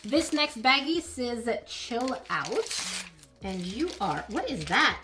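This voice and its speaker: Bright, gushing woman crafting vlogger. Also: fairly high pitch, takes it slowly, faint music behind. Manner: gushing, excitable, chatty. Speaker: crafting channel host. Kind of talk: casual crafting vlog narration.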